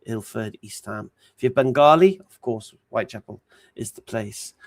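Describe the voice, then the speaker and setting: A man hosting a casual livestream, answering viewer questions in a relaxed, hesitant way with many ums and restarts. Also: on the low side, normal speed, no room sound. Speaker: livestream host. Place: home streaming setup. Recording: steady background noise.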